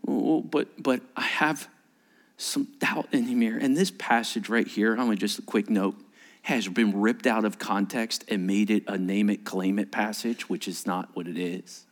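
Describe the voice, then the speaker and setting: A man preaching as pastor at a church service. His delivery is animated, swinging between emphatic points and hushed, whispered asides. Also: lowish voice, moderate pace. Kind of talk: sermon.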